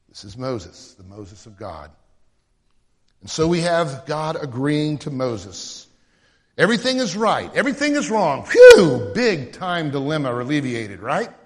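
A male pastor delivers a lively sermon in a fairly high voice. He slips into the voices of the people he quotes, swinging between loud and quiet. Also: in a large hall. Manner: animated preaching, acting out quoted voices.

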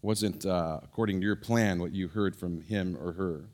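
Low-pitched and at a normal pace, a middle-aged pastor gives a sermon. He relates a personal story with animation, full of fillers and repeated restarts.

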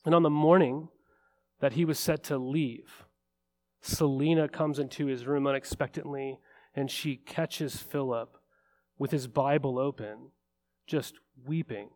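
A man's voice: mid-range voice, fairly even intonation, measured pace, darkish tone. A man preaching a sermon as a pastor, earnest and building to fervent emphasis.

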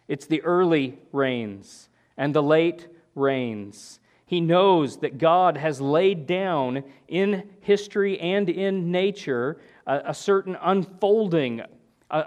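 A man preaching an expository sermon in an earnest manner, often asking "right?" and restarting his phrases as he explains. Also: on the high side.

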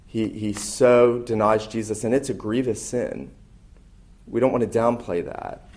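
A man's voice: on the low side, unhurried, a little mellow. Earnest male pastor preaching a sermon. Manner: earnest, emphatic preaching with rising intensity.

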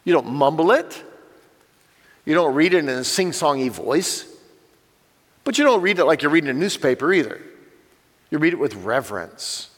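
An older man teaches earnestly, speaking straight to the parents in front of him. His voice sits a little high for a man. Long reverb from a church hall trails behind every phrase. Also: animated, normal speed, pauses often, fairly bright tone. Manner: earnest, direct address to parents. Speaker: Bible teacher.

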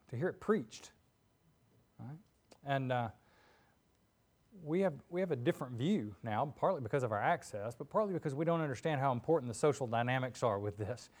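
A male pastor preaching in a relaxed, conversational storytelling manner. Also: medium pitch. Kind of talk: sermon.

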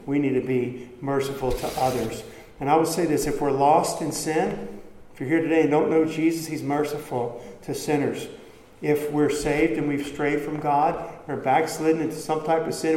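Man preaching, kinda high mellow voice, big echoey church, faint room hum. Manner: earnest, repeats words, Southern phrasing. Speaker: pastor. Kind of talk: sermon. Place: church sanctuary.

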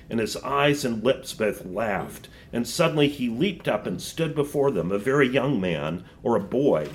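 A man's voice: fairly low pitch, slight background noise. A man reading a story aloud to a class and then explaining it with thoughtful asides. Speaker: teacher.

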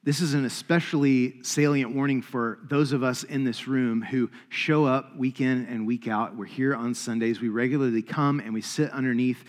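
Man, pastor, conversational sermon delivery, mid-pitched, big reverberant church hall. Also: fairly even intonation, moderate pace, hardly any pauses. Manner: casual storytelling with frequent fillers.

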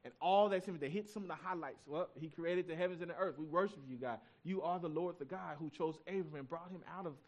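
A pastor in his thirties preaches in church, sharing a personal story in a loose, conversational way. He talks fast with few pauses in a darkish tone, and his pitch climbs whenever he presses a point.

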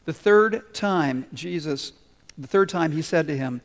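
A man's voice: fairly high pitch, expressive, unhurried. A man preaching a sermon, telling stories and acting out the people in them as he goes. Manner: storytelling preacher, voices the people in the story. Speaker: pastor. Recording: long reverb of a large hall.

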